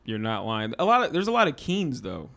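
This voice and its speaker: A man from Philadelphia talks casually as a podcast guest, winding through long stories at an easy pace. He trails off, restarts and chuckles at his own jokes. His voice sits in a middling pitch for a man. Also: huge pitch swings, brisk, gravelly, a bit bright. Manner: rambling, laid-back storyteller who laughs at himself. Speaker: podcast guest, stand-up comedian.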